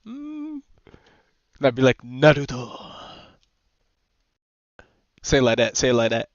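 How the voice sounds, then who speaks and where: A young man streaming a game, chatting casually with teammates, excitable, swearing and laughing often. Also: mid-range voice, rapid-fire, dry recording. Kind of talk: casual gaming chat with teammates. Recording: slightly muffled dry stream mic.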